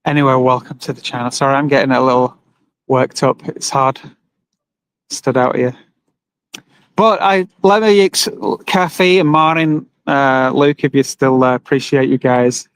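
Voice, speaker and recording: A man's voice: medium pitch, fairly even intonation, moderate pace, clean tone, no room sound, rough recording. A man livestreaming outdoors by a busy road, talking earnestly and emotionally to his viewers and reading their comments aloud. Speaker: livestreamer at an animal rights vigil. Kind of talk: live-streamed casual monologue. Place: outdoors by a roadside with passing trucks.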